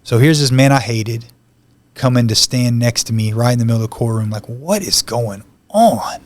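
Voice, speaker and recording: A man's voice: mid-range voice, steady tone, a little fast. A man, a podcast guest, telling his life story in an earnest, conversational way with many "you know" asides. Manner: emotional, heartfelt retelling. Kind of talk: personal testimony storytelling.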